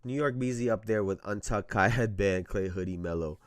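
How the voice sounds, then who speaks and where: A man's voice: on the low side, brisk, no echo, studio quality. A man hosting a casual basketball talk show, talking in a slangy, conversational way and often repeating phrases. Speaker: podcast host.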